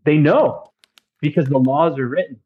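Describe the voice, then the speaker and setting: A man with a fairly high voice tells his faith story on a podcast, earnest and excitable, dropping casual slang. The recording sounds a little dull and lo-fi. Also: moderate pace, breathy edge. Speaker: podcast guest. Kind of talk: casual testimony chat.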